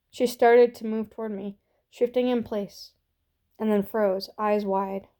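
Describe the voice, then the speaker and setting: A woman reading a story aloud in a slow, soft, gentle voice that sometimes drops to a hush. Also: mid-range voice. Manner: slow, soft and gentle, dropping to hushed whispers. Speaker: reader.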